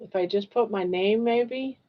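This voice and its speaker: A woman's voice: mid-range voice, unhurried, muffled recording. An older woman hosting a casual livestream, talking in an awed, emotional way and repeating herself. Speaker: livestream host.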